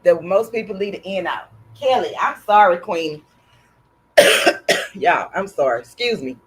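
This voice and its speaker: A woman's voice: on the low side, expressive, measured pace, a little hiss or hum. A woman with a Texas accent and a sore throat, hosting a casual embroidery livestream and chatting with viewers by name.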